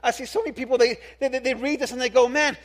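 A young man preaching a sermon as a youth pastor, animated, acting out quoted voices and repeating words as he builds his point. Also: extremely high pitch, very fast.

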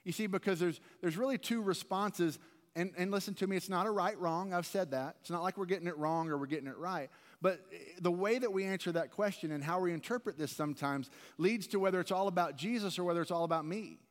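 Earnest preacher in a reverberant hall. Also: male voice, high voice, quick pace. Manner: earnest, conversational preaching with repeated restarts. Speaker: pastor. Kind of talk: sermon. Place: large church sanctuary. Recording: long reverb of a church hall.

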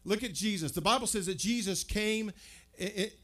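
A man delivering a sermon in a chatty, direct way, his voice sitting slightly high for a man. He keeps turning to the congregation with questions and often restarts and repeats his words as he goes. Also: normal speed, fairly bright tone. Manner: conversational preaching, asks the crowd questions, stammers and repeats words. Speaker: pastor.

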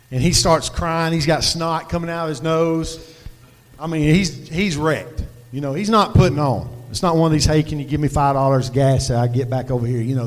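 A man preaching a sermon, telling a story in a folksy, conversational way. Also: on the high side. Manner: folksy, conversational, Southern turns of phrase. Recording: long hall reverb.

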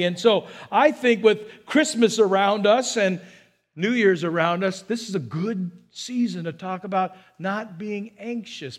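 A male pastor preaching a sermon, asking the congregation rhetorical questions and repeating words as he builds his points. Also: high voice.

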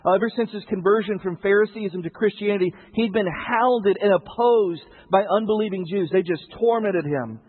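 Husky high-voiced preacher, tinny sound. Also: male voice, moderate pace, hardly any pauses. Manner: conversational preaching with rhetorical questions. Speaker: pastor. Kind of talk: sermon. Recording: tinny narrow-band broadcast sound.

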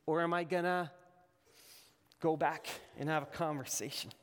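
A slightly high-voiced man preaching a lively, conversational sermon, playing out quoted lines in character voices. His voice rings through a large hall with a long reverb tail. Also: moderate pace. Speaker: pastor.

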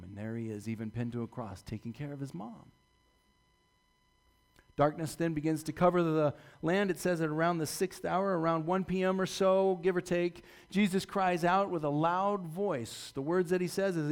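A man preaching a sermon, retelling a story dramatically and swinging from loud to hushed delivery. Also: medium pitch, normal speed, creaky. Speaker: pastor.

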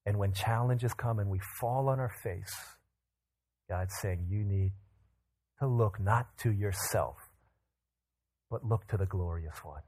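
A man in his thirties preaching a sermon, telling Bible stories with lively acted-out quotes. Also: on the low side, unhurried, pauses often. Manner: animated storytelling, acts out quotes in bursts. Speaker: pastor.

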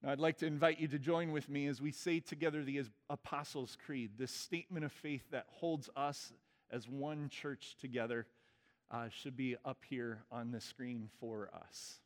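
A man as pastor, leading a baptism liturgy with relaxed, informal asides between the formal vows. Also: mid-range voice, moderate pace. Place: church sanctuary. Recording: reverberant church hall.

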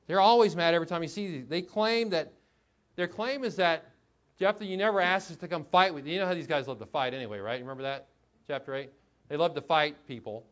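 A man preaches a sermon in a church, conversational and fond of rhetorical questions and little chuckling asides. His voice sits a bit high for a man. The recording is dull and lo-fi. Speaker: pastor.

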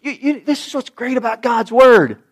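A middle-aged man preaching a sermon in an animated way, his voice rising high and dropping low for emphasis. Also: moderate pace, breathy edge. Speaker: pastor.

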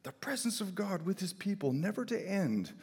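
A middle-aged man preaching a sermon with emphatic delivery, swinging between loud declarations and quiet, soft asides. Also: sits high, very animated, moderate pace, gravelly, husky. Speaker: pastor. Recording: long hall reverb.

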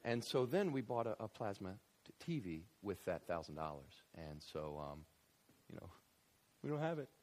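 A man's voice: fairly low pitch, sing-song, moderate pace, a little mellow, pitched below the performer's own voice. A man voicing a sheepish bank manager who stammers and hesitates through every sentence. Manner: hesitant, full of ums and restarts.

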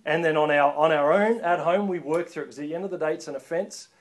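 A man preaching a sermon as a pastor, lively and joking, calling on the congregation to respond. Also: a little high, fast talker.

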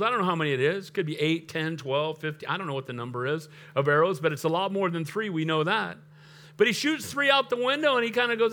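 A middle-aged man with a high voice preaches to his congregation. He tells stories and acts out the figures in the passages he quotes. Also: pushed and bright. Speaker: pastor. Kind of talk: sermon.

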